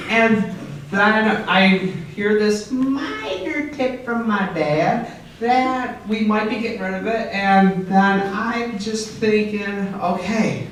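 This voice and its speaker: A young man doing a stand-up set in a comedy club, telling stories in a deadpan way and jumping high for quoted outbursts. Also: takes it slowly, a little hiss or hum. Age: young adult. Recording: echoey club from far off.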